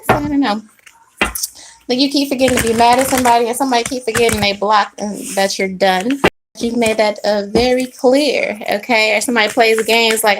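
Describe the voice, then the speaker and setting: Sassy high-voiced woman tarot reader. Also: moderate pace, a bit bright, a little hiss or hum. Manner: sassy, chatty, laughs often, slangy asides. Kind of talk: casual tarot reading monologue.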